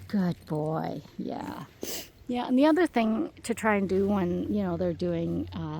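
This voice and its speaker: A woman's voice: on the low side, darkish tone, a little hiss or hum. A woman working as a dog sitter, narrating a casual vlog outdoors at a park and rambling chattily with lots of fillers, recorded on a handheld phone.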